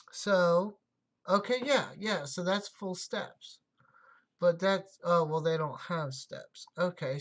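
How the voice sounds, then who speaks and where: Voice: mid-range voice, a bit bright. A livestream host in casual chat, thinking aloud while sorting coins and answering viewer comments.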